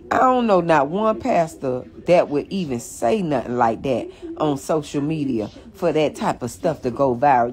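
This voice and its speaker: A woman's voice: low-pitched, expressive, moderate pace, few pauses, a little mellow. A woman hosting a live stream, ranting to her viewers in a blunt, mocking and profane way, calling them y'all, speaking into a phone.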